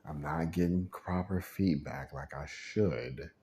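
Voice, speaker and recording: A man's voice: rumbling low, takes it slowly, slight background noise. A man venting in a casual monologue, rambling and frustrated, acting out the voices he quotes. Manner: animated, acts out quoted voices, frequent laughs.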